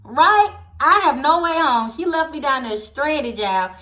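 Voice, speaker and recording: A young woman, casually telling a storytime vlog, animated and addressing viewers directly. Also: high voice, unhurried. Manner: animated, acts out quoted voices, addresses viewers as y'all. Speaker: storytelling vlogger.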